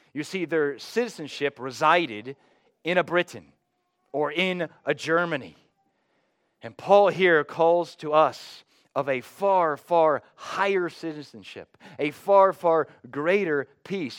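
A pastor from North Texas with a Texan accent, preaching a sermon with emphatic swells that fall back to quiet low phrases. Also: male voice, no echo, clean studio sound. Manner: dynamic, rising to emphatic highs then dropping low.

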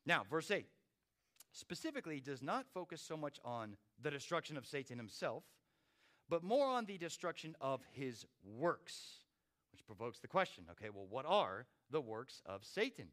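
A man's voice: on the high side, sing-song, normal speed, a bit bright. A man preaching a sermon with dramatic rises and drops in volume. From not from Australia. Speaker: pastor.

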